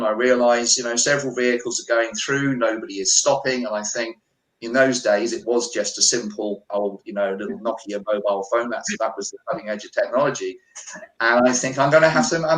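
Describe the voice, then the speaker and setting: A middle-aged man from the United Kingdom, a radio interview guest, recounting events in lively first-person storytelling with quoted dialogue. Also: medium pitch, reverberant, low-quality recording. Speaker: guest, holistic healer.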